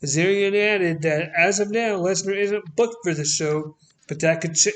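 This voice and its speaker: A man's voice: high-pitched, unhurried. A man with a Canadian accent hosting a casual podcast, reading news items aloud with blunt, sweary, sarcastic asides. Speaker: podcast host.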